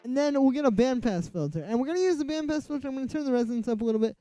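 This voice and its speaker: A man's voice: extremely high pitch, animated, rapid-fire. A man teaching music production in a casual tutorial, rambling and filling his talk with "like". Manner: rambling, fills speech with "like". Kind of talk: casual screen-recorded tutorial. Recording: music track playing under the voice. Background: electronic music playing loudly.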